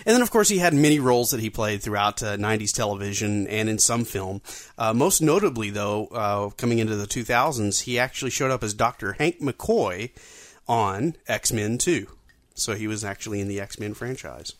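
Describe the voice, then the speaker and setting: A man's voice: on the low side, expressive, normal speed, no echo. A man hosting a podcast, talking casually with frequent fillers and restarts. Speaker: podcast host.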